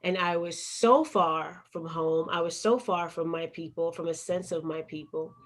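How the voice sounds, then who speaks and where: A woman's voice: lowish voice, fairly even intonation, normal speed. A woman with a Chicago accent, a poet and activist telling her story as a guest in an interview, earnest and emphatic. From United States.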